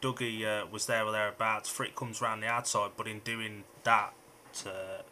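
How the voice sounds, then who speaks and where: A man's voice: fairly low pitch, level tone, bright, forceful tone, a little hiss or hum. Chatty man calling speedway action. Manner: rapid, chatty play-by-play with frequent fillers. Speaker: speedway watch-along host. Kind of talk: live race commentary.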